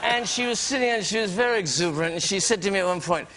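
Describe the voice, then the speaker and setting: A man as a talk show guest, telling a comic anecdote in an animated, playful way. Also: high-pitched. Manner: animated, playful, quick asides.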